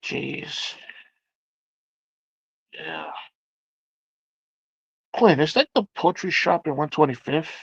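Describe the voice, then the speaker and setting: Man, livestream host, fairly high voice, casual chat, exclaiming at comments, dull lo-fi sound. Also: wildly swooping pitch, slow pace, vocal fry, long pauses, breathy edge, no room sound. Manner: exclamatory, reacting aloud to chat.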